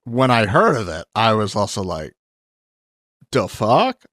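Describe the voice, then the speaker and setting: A man's voice: fairly low pitch, moderate pace, no echo. Casual male podcast co-host, dry mic. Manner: animated, acts out quotes in put-on voices. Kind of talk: casual recap chat.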